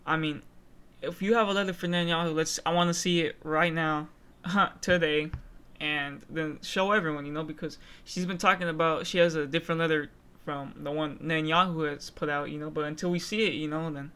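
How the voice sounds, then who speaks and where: Bright, clear-voiced man reacting casually. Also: on the high side, steady tone, a little fast. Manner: hesitant, lots of fillers and restarts. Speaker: reaction channel host.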